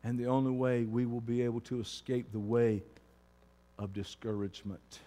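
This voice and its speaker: Preacher in an echoing hall. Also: male voice, medium pitch, level tone, normal speed. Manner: swings from quiet to shouting. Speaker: pastor. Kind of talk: sermon.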